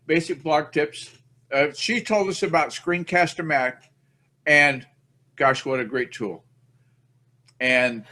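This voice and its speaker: A male podcast host with a slightly high voice, talking in a loose, rambling manner. He chats casually and jokes at his own expense. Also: bright, forceful tone. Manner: rambling, chatty, self-mocking.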